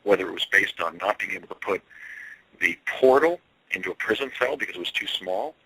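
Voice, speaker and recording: A man telling a long first-person story as an interview guest, earnest and halting, with frequent fillers. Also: low voice, lively intonation, pushed and bright, husky, no echo, poor audio.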